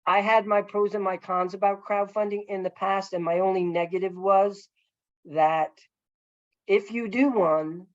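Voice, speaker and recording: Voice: medium pitch, steady tone, unhurried, no echo, lo-fi sound. A filmmaker telling a long story over a video call, earnest and rambling, with many fillers and restarts. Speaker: filmmaker guest.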